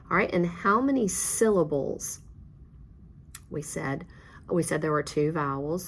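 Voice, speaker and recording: A woman's voice: sits low, a little hiss or hum. A woman teaching a phonics lesson, guiding learners step by step with patient, encouraging praise.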